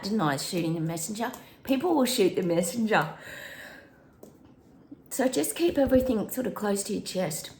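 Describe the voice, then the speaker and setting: A woman's voice: mid-range voice, creaky, a little hiss or hum. Chatty woman in an echoey room. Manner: chatty, bursts into snatches of song, laughs often. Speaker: psychic channel host. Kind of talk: casual spoken predictions to viewers.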